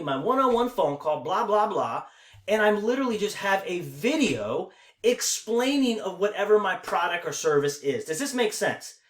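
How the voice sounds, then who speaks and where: Man, online marketing coach, energetic casual tutorial, slightly high pitch, roomy echo. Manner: energetic, repeats "right?" and "okay?" often. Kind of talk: casual screen-share tutorial.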